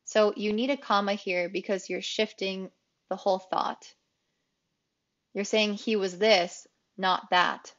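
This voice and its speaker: A woman English teacher explaining grammar rules in a clear, explanatory way, repeating key phrases for emphasis. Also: mid-range voice, fairly even intonation, slow, a bit bright, highs cut off. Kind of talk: grammar lesson.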